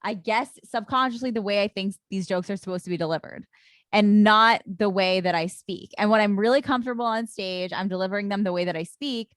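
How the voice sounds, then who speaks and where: A woman's voice: medium pitch, brisk, dry recording. A woman comedian hosting a podcast, thinking aloud in a hesitant way with frequent restarts. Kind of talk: casual chat.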